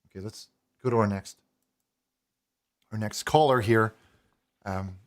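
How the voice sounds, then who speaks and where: A man's voice: lowish voice, a little slow. Casual man hosting a call-in show. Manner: casual, chatty, prompting the caller. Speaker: talk show host, pastor.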